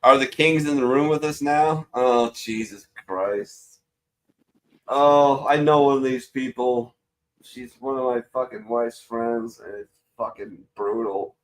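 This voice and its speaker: A man's voice: mid-range voice, fairly even intonation, slow pace. A man hosting a casual online chat, joking and swearing as he reads memes aloud and laughs at them. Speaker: show host reading memes.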